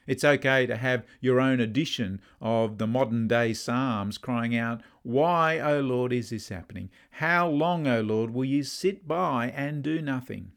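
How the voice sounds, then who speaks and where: A man preaching a sermon, earnest, lifting his voice on key words and letting line ends fall low and soft.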